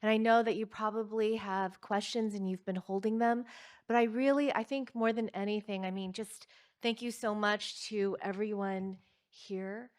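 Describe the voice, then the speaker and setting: A woman moderating an event, warmly thanking the speaker and closing the session. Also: mid-range voice, fairly even intonation, moderate pace.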